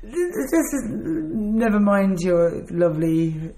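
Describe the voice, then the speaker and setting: A young woman co-hosting a podcast, chatty and quick to argue back. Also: medium pitch, very animated, mellow. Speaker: podcast co-host. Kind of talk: casual chat. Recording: roomy echo, faint noise.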